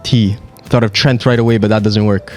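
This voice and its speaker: A man competing in a quiz with friends, excitable and over-dramatic in casual banter. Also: lowish voice, a little fast, faint music behind. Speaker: quiz contestant.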